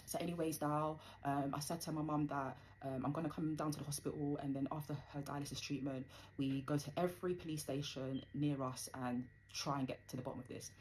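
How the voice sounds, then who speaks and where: A woman's voice: low-pitched, steady tone, fairly quick, few pauses, a little mellow, a little hiss or hum, rough recording. A young woman telling a personal story in a rambling, conversational way with plenty of fillers.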